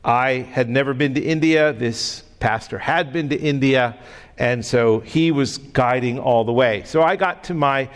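A male pastor delivers a storytelling sermon in a voice of ordinary middle pitch. He talks in an animated way, stumbling and repeating words as the story runs ahead of him. His voice trails off into the long reverb of a large church hall. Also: measured pace. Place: church sanctuary.

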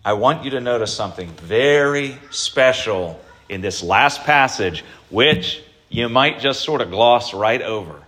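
A man preaches an Easter sermon at an unhurried, measured pace. His delivery is deliberate and emphatic, climbing higher to stress key points before settling back down. His voice sits in an ordinary middle register. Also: lively intonation, fairly bright tone. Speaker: pastor.

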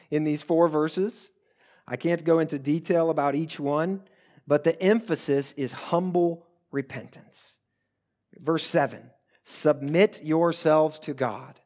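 A male pastor preaching a sermon earnestly, swelling loud at times and dropping to hushed pleas. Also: a little high.

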